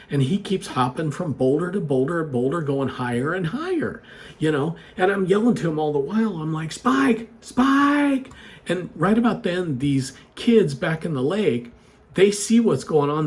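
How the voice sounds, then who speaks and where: A man telling a personal story in a casual, chatty way, animated and full of asides to the listener. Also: fairly high pitch. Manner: chatty, animated retelling with frequent "you know" asides.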